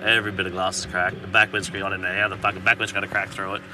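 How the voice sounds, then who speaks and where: A man's voice: deep voice, very fast, recorded from a distance, background noise. A man, a podcast guest, telling a story in casual, swearing, laughing chat. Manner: swearing, laughing, animated retelling.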